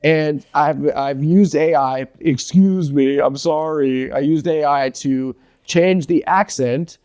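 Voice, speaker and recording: Brief: American man, sports pod co-host, loose profane banter, slightly high voice. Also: takes it slowly, darkish tone, clear, resonant tone. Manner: rambling, profane, jokey. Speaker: podcast co-host. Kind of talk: casual sports chat.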